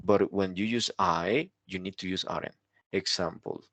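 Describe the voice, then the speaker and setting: A male teacher talks through a grammar lesson at an unhurried, deliberate pace, his fairly low voice carrying a gravelly edge. He keeps pausing to check in with the listener, and the sound is dry and close. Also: a bit bright, no echo. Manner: explanatory, keeps checking with "right?". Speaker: English teacher.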